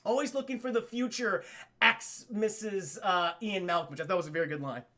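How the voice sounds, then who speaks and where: Brief: an excitable, foul-mouthed male reviewer talking to his live chat, with a bright, sharp voice. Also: high-pitched, a little fast. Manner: excitable, profane, retells scenes with acted quotes. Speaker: film review streamer.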